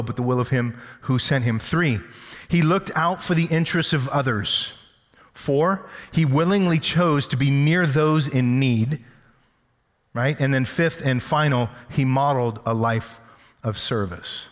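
A man's voice: a little high, long reverb tail. A man preaching a sermon as pastor, conversational and teasing, with everyday examples. He often repeats words and restarts. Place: church sanctuary.

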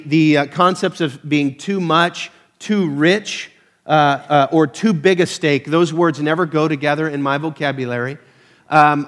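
A man's voice: a little high, a bit bright. A man preaching a casual, conversational sermon to his church, peppered with "uh" fillers and self-deprecating humor. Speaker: pastor.

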